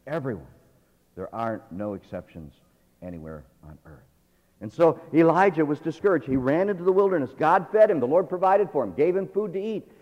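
A man's voice: on the high side, very animated, fairly quick, dull audio. Male pastor, dramatic sermon, dynamic swings, church hall reverb. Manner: dramatic swings from hushed to loud.

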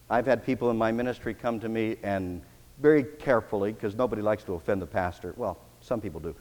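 A man preaching a sermon as pastor, emphatic, swinging between loud declarations and quiet, intimate passages. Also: on the low side, fast, big-room sound.

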